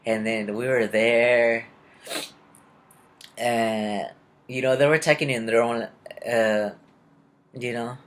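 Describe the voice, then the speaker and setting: A man's voice: medium pitch, steady tone, takes it slowly, long pauses. A young man casually telling a rambling personal story and acting out the people he met. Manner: rambling, confused, retells conversations in quotes. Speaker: vlogger.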